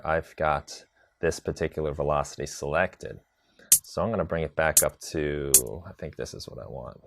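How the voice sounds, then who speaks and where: A man teaching a live tutorial on drum sequencing, chatty and relaxed, answering viewer questions as he demonstrates. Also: rumbling low, dry recording. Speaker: music production instructor.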